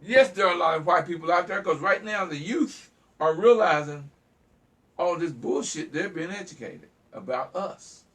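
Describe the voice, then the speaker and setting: Far from the mic, a man with a fairly high, pushed, bright voice talks at normal speed while hosting a call-in show. His fiery, preachy monologue has him repeating himself and tripping over words as his passion builds.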